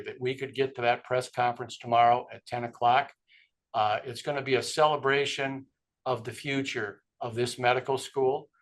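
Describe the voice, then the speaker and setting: Man, middle-aged, medium pitch, earnest and emphatic, school leader addressing faculty and students online. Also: fairly bright tone. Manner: earnest, emphatic, with many fillers. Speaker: medical school dean. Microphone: streamed online address.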